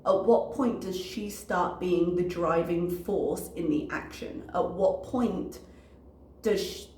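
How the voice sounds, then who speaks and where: A woman's voice: lowish voice, slow, darkish tone, reverberant, slight background noise. A woman commentator reacting to a video in a casual, analytical way, working through her notes with frequent ums.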